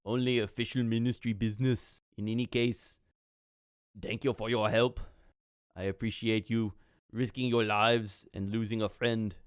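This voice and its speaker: A man's voice: on the low side, little pitch movement, clean tone, dry recording, clean studio sound, lightly acted. A man as Atulf, a formal ministry official. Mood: firm. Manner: measured, formal official speech.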